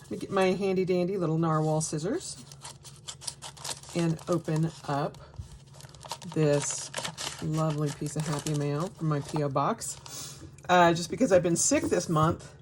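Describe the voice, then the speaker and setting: Gushing slow-talking woman. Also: low-pitched, a little hiss or hum. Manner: gushing, excitable, many gasps and exclamations. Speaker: crafting vlogger. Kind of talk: casual unboxing vlog.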